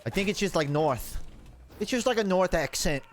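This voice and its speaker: A man's voice: high-pitched, lively intonation, moderate pace, a little hiss or hum. A man streaming a game, chatting casually in a rambling, self-mocking way and laughing often. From United States. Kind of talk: casual gaming livestream chat.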